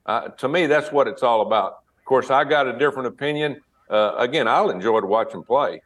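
A man, a politician guest, giving his opinions haltingly with many pauses and restarts. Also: mid-range voice. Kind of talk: casual interview remarks.

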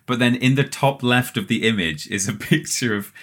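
A man's voice: mid-range voice, moderate pace, a bit bright. A man co-hosting a casual podcast, telling long anecdotes with laughing asides. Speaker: podcast co-host.

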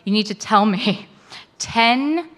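A woman quoting a calm matter-of-fact friend. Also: a little high, slow. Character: calm female friend, patient listener.

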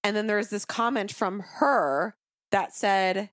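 A woman's voice: mid-range voice, unhurried, no echo, clean studio sound. A woman co-hosting a podcast, leading the casual chat and telling stories with animation. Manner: animated storyteller, leads the conversation. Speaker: podcast co-host.

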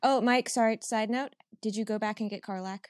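A woman co-hosting a casual chat, bubbly and quick with puns. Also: fairly high pitch, fairly even intonation, no room sound, studio quality. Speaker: co-host.

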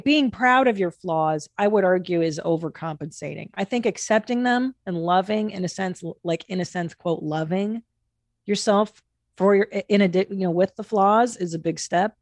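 A woman hosting a podcast in casual chat, blunt and animated, swearing freely. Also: on the low side, normal speed, dry recording. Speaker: podcast host.

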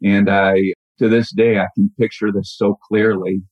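A middle-aged man telling a personal story in a halting, reflective way with many restarts. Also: lowish voice, level tone, breathy edge, dry recording. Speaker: caller telling a true story. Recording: dull lo-fi audio.

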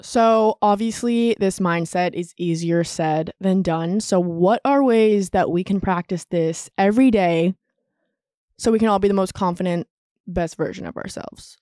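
A woman's voice: lowish voice, unhurried, warm tone, no echo, clean studio sound. A young woman in her twenties hosting a solo podcast, talking in a chatty, confessional way full of "like" fillers. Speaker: podcast host.

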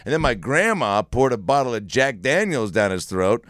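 A man, a comedian guest, cracking quick jokes and interjecting in a casual chat. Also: mid-range voice, very animated, a bit bright, dry recording, clean studio sound. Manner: quick jokey riffs and interjections.

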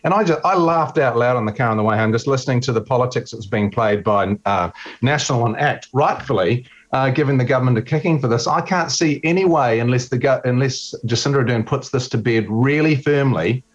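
A New man, a radio host on a panel, animated, exasperated and jokey. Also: mid-range voice, fairly quick, highs cut off. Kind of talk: talk radio panel chat.

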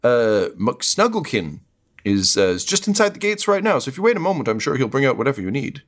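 A man's voice: medium pitch, big pitch swings, fairly quick. A man voicing a nervous male gate guard who stammers and trips over his words in a tabletop game. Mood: flustered. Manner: stammering, flustered.

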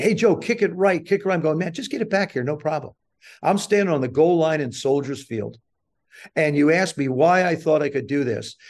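Here the older male guest on an interview program pokes fun at himself in a story full of animated, acted-out quotes, his voice sitting on the high side.

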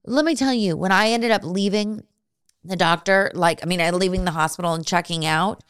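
A woman in her thirties chatting casually on a podcast, telling a personal story in a candid, animated way with frequent restarts. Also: lowish voice, fairly quick, smooth, no echo, studio quality. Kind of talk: casual chat.

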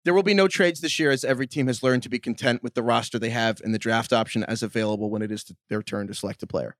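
A man co-hosting a podcast in casual chat, riffing through quick jokey tangents. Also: medium pitch, dry recording, studio quality. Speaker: podcast co-host.

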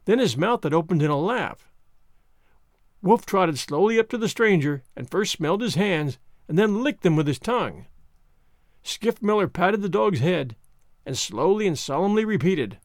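A man narrating an audiobook with expressive storytelling. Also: fairly high pitch, moderate pace, no echo, studio quality.

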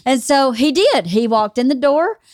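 A woman in a casual chat who tells her side bluntly and is quick to contradict. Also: sits high, animated, a little mellow, no echo, clean studio sound.

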